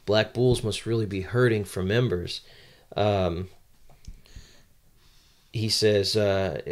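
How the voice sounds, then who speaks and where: A man's voice: fairly low pitch, steady tone, slow pace, long pauses. A man co-hosting a podcast, casually recapping a manga chapter and reading character lines aloud with many ums. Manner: reads quotes aloud in a lightly acted voice, many ums and uhs. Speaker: podcast co-host.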